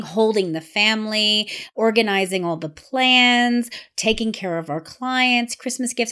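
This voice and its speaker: A woman's voice: medium pitch, fairly bright tone. A woman hosting a podcast, chatting frankly and thinking aloud. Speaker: podcast host. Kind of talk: casual podcast chat.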